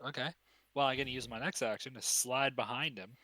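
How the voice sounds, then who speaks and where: A man's voice: medium pitch, fairly quick, pushed and bright, dry recording, poor audio. An eager man playing in a tabletop game, talking casually. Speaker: player.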